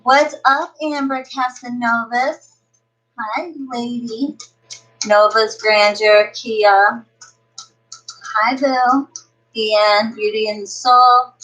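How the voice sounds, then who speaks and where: A woman's voice: a little high, fairly even intonation, very slow, pauses often, a bit bright, poor audio. A woman tarot reader chatting casually on a livestream, brash and profane, greeting viewers by name.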